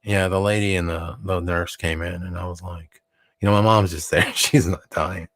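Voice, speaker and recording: A low-pitched man holds forth as the host of a live broadcast, riffing through stories with plenty of fillers and casual swearing. His voice sits close and dry on the mic. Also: steady tone, moderate pace, a bit bright, no echo. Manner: rambling, joking, profane, frequent fillers and restarts. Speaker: show host.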